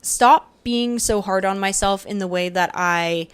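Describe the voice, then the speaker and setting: A woman's voice: mid-range voice, a little slow, clean tone, no room sound. A young woman hosting her own podcast, talking through her thoughts in a chatty, reflective way with frequent fillers, recorded at home. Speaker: podcast host. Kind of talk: casual solo podcast reflection. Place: home room where she records.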